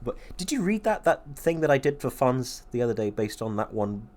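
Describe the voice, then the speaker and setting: A man's voice: medium pitch, very animated, brisk, darkish tone. Rambling English man judging online. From England. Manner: rambling and jokey, frequent laughs. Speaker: contest judge. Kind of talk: casual chat on a call. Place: online voice call.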